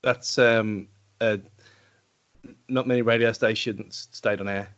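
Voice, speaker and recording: A man's voice: on the low side, fairly even intonation, slow pace, fairly bright tone. A man co-hosting a podcast, chatting about a film in a rambling, hesitant way and laughing often. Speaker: podcast co-host. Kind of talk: casual film-review chat. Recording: dull lo-fi podcast audio.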